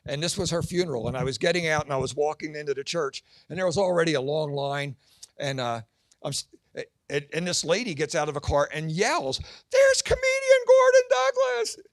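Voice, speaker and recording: Middle-aged male comic-preacher, lively storytelling, fairly high voice, dry close sound. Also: a little fast, no room sound. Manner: animated storyteller acting out quoted voices. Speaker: Christian comedian and pastor. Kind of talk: storytelling speech at a fundraising gala.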